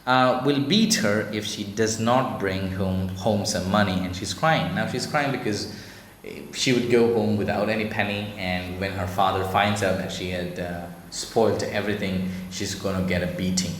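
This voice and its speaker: A man's voice: on the low side, normal speed. A male teacher with an Indian English accent explaining a story to students, loosely paraphrasing with many fillers. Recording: echoey room with long reverb, faint noise.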